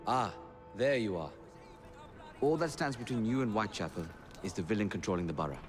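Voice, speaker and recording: An actor playing a male ally in a video game who gives brisk instructions about a gang fight. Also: lowish voice, lively intonation, close to an everyday voice. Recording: game audio with music underneath.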